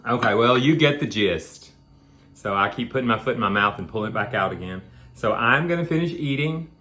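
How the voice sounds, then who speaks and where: A man's voice: mid-range voice, lively intonation, a little fast, sharp tone. A man hosting a home video, chatting casually and rambling between bites of food. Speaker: vlog host. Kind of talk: casual chat while eating.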